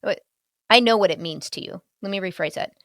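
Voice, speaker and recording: A woman hosting an interview, who talks in an animated way, chuckles often and restarts her sentences. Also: mid-range voice, fairly quick, no echo, studio quality. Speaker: host. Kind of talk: conversational interview.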